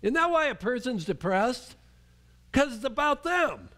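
A man's voice: very high voice, big pitch swings, a little slow, a bit bright. A male pastor preaching a sermon in a conversational way, often restarting his sentences and acting out the voices he quotes.

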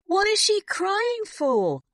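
A woman voicing a stern, strict headmistress who speaks sharply and shouts in a storybook reading. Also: mid-range voice, huge pitch swings, normal speed, no room sound, clean studio sound. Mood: yelling.

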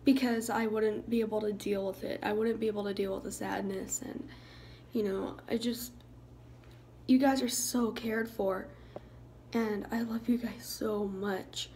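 A young woman talking to her viewers in a soft, halting way, sometimes dropping into a hushed, whispery voice. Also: medium pitch, fairly even intonation, slight background noise, low-quality recording. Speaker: YouTuber. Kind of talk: emotional vlog talk to viewers.

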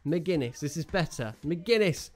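A man's voice: a little high, animated, measured pace, darkish tone, soft background music. A young man commentating on his own football video game, joking, groaning and cheering at each play. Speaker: gaming YouTuber. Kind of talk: casual live game commentary.

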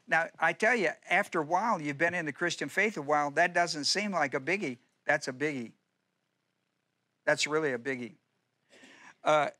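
A man's voice: fairly high pitch, pushed and bright. A middle-aged male pastor preaching a conversational Bible-study sermon, often restarting phrases and asking rhetorical questions.

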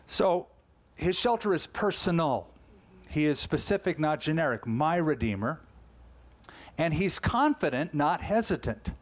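A man's voice: on the high side, big pitch swings, measured pace. A man in his sixties, a pastor delivering a conversational, emphatic sermon full of rhetorical questions.

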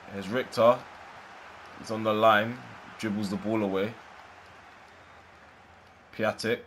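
A man with a fairly low voice narrating his own football game as he plays. He swings between calm play-by-play and loud, excitable bursts, swearing now and then. A faint hum sits behind him. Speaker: gaming YouTuber. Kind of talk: live gameplay commentary.

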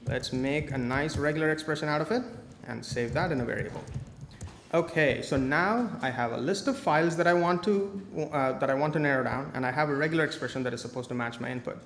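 A man's voice: on the high side, fast talker, fairly bright tone. A man giving a live coding talk at a conference, with playful, joking asides. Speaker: conference speaker. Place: large conference hall. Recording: echoey hall, faint noise.

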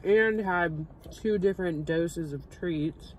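A woman's voice: on the low side, slow, a little hiss or hum, poor audio. A woman co-hosting a food channel, chatting easily and humming between bites in a parked car. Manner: easygoing, hums and says 'like' a lot. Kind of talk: casual mukbang chat while eating.

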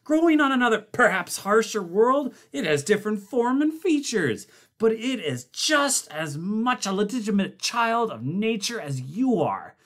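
A man voicing an indignant male biologist, defending the creature in a high, heated voice. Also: sing-song, a bit bright, heavily acted. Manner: high-pitched, fast, heated pleading.

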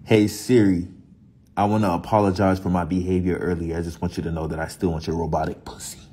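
A young man, vlogging casually, energetic and profane, often dropping to whispers. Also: low voice, quick pace, a little hiss or hum. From Florida. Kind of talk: casual vlog talk.

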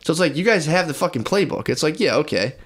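A man's voice: on the high side, big pitch swings, fast talker. A man co-hosting a comedy podcast, chatting casually with lots of swearing, rambling asides and laughter. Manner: profane, rambling, laughs often. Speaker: podcast co-host.

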